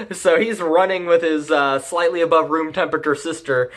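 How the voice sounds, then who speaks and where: A man's voice: fairly high pitch, steady tone, normal speed, hardly any pauses, a bit bright. A young man recapping an anime in a casual, rambling and crude manner, joking as he goes. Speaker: anime reviewer.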